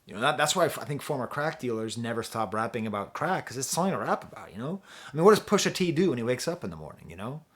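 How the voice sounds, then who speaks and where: A man's voice: medium pitch, sing-song, fast, a bit bright. A man talking casually as a music reviewer, rambling and chatty, with frequent restarts and easy laughter. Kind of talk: casual album review talk.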